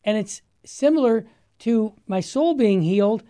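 A woman's voice: medium pitch, lively intonation, unhurried, mellow. Enthusiastic female talk show host. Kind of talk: faith talk show discussion.

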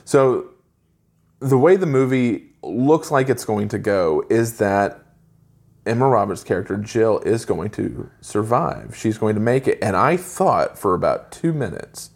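In casual chat with his co-host, a man in his forties tears into a movie, opinionated and ranting, with quick asides along the way. He speaks in a lowish, gravelly, darkish voice with lively intonation.

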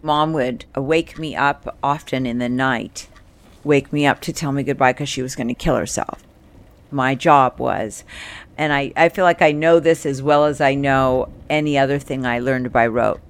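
A woman's voice: extremely low pitch, normal speed, clean tone. A woman telling a first-person story from her childhood in a candid, wry, conversational way.

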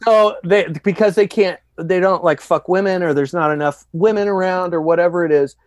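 A man's voice: high-pitched, a little fast, no echo. A man telling crude, rambling stories in a casual chat between friends. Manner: profane, rambling, animated storyteller.

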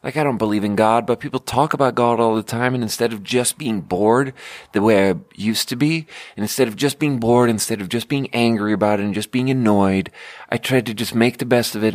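A man's voice: on the low side, a little fast, no room sound. A man in his thirties hosting a podcast, telling a rambling comic story with sarcastic asides and constant self-corrections. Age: 30s. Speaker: podcast host. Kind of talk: rambling comedic storytelling monologue.

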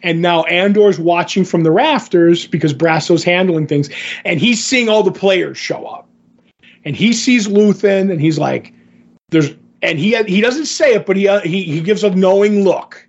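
High-voiced man excitedly recapping a show. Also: moderate pace, dull audio. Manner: animated scene-by-scene retelling. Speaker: podcast co-host. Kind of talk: casual podcast chat recapping an episode.

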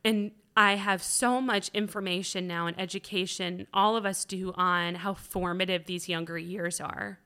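Woman in her 30s, podcast co-host, tense bright voice, loose rambling delivery. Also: lowish voice, fairly even intonation, normal speed, hardly any pauses, smooth. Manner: rambling, full of "like" and "um". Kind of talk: candid conversational chat.

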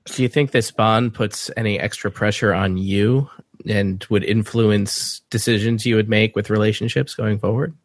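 A woman asking brisk questions as a podcast co-host in a casual interview. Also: extremely low pitch, steady tone, dry recording.

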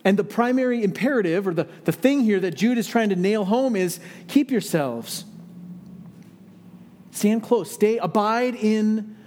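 A man's voice: sits high, unhurried, a little mellow, slight background noise. A man preaching a sermon as a pastor, earnest and emphatic, asking rhetorical questions of his listeners.

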